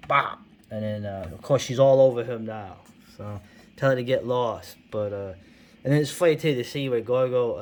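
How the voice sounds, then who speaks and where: A man's voice: mid-range voice, a little mellow, a little hiss or hum. A middle-aged man from New York City, talking over comic books in a loose, rambling way. He fills his talk with fillers and asides and chuckles often. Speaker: comics video host. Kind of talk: casual rambling commentary.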